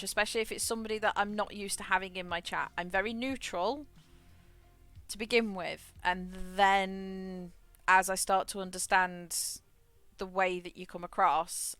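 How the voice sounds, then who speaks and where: A woman's voice: medium pitch, fairly bright tone, no echo. A woman streaming a game, chatting frankly, swearing freely and laughing often. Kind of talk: casual chat while gaming.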